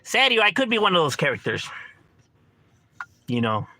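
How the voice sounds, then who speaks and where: A man from Los Angeles hosting a livestream and talking loosely and profanely with strangers. His voice sits a bit high and has a bright, tense edge. He keeps it laid-back and slangy, slipping in Spanish words. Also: big pitch swings, moderate pace, slight background noise. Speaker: livestream host chatting with strangers. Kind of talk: casual profane chat.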